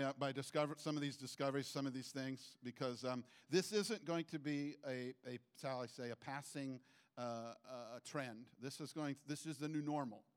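A man preaching a sermon in church, animated and acting out little quoted voices as he goes. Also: clean tone. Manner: animated, acts out quotes with sudden pitch jumps. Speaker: pastor.

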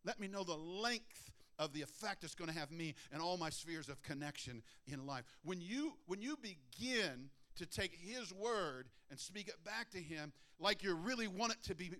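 A middle-aged man preaching a sermon, moving between hushed, earnest prayer and emphatic exhortation. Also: high-pitched, expressive, moderate pace, few pauses.

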